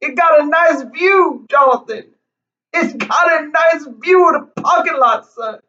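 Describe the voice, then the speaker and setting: A man's voice: very high voice, measured pace, sharp tone, distant mic, dull audio, full character voice. A man doing a comedic impression of an older male TV preacher, with a whiny, pleading drawl that repeats names over and over. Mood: begging.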